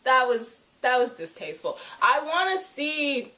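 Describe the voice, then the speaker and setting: A young woman reviewing a TV episode in a casual, animated way, full of slang and "like", jumping between loud outbursts and hushed asides. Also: sits high, measured pace. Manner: frequent "like" fillers, slangy.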